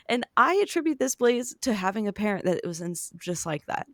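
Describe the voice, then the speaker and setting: Gravelly-voiced woman chatting on a podcast. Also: mid-range voice, expressive, fast, few pauses, no echo, studio quality. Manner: chatty, upbeat, fillers and asides. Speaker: podcast host. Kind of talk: casual podcast chat.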